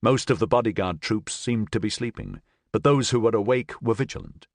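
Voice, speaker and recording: A man reading a science fiction audiobook as narrator, in an expressive, even-paced style on a close mic. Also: on the low side, brisk, vocal fry, dry recording. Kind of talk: scripted narration.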